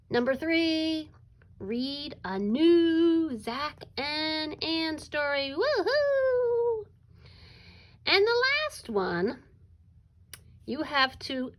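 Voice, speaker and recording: A woman who is a kindergarten teacher, giving a recorded remote classroom lesson in an animated way, drawing words out and breaking into sudden high exclamations.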